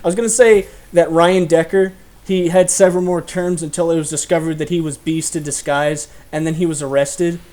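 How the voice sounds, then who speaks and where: A man's voice: fairly high pitch, brisk. Young man telling stories animatedly. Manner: animated storytelling, laughing often. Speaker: host. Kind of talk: casual chat.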